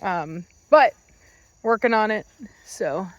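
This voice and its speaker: A woman's voice: mid-range voice, expressive, slow pace, no echo, muffled recording. A woman dog breeder chatting casually about her puppies and their training, breaking into cooing baby talk at the dogs. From Virginia, United States. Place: home with dogs around.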